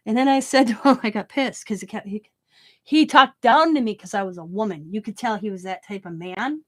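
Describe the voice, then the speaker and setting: Middle-aged woman, craft vlogger, blunt storyteller, salty and lively. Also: medium pitch, brisk. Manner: animated, blunt, swears freely. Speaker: craft channel host. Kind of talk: casual storytelling while crafting.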